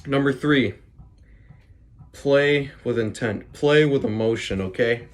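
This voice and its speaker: A man's voice: mid-range voice, slow pace. Guy giving drum gig tips, stumbles over his words a lot, keeps saying okay. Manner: stammering, restarts, says "okay?" a lot. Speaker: drummer giving advice. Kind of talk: casual spoken tips to camera.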